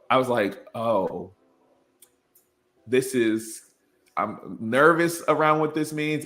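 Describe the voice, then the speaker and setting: A man's voice: medium pitch, a bit bright. A man in his twenties, an educator and podcast guest, talking in an earnest, reflective way and laughing easily. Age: 20s. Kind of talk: casual conversation.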